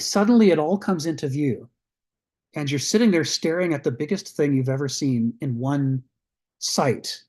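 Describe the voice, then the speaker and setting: Guy giving a lecture, kinda high voice, repeats himself a bit when starting lines. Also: darkish tone. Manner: thoughtful, repeats words when starting phrases, laughs into high pitch. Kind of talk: recorded lecture.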